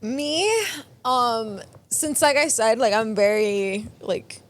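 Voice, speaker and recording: A woman's voice: on the high side, takes it slowly. A young woman guest chatting on a podcast, talking freely with lots of fillers and laughing often. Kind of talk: casual chat.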